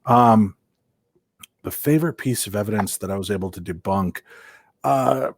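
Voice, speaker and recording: Low-voiced guy telling ghost hunt stories, animated, does the voices, dry close sound. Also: normal speed, no room sound. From Minnesota. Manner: lively, acts out quoted voices, many restarts. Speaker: guest paranormal investigator and radio host. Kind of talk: animated storytelling in an interview.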